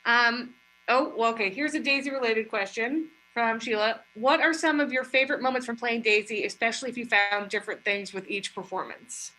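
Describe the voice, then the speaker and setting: Woman moderator, higher bright voice, reads audience questions. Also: brisk, rough recording.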